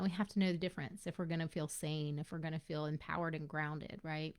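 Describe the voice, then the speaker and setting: A woman's voice: sits low, flat delivery, brisk, hardly any pauses, a little mellow, clean tone. A woman and mother of young children, hosting a live-streamed coaching talk for mothers and chatting directly with her viewers, greeting them by name. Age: adult mother of young children.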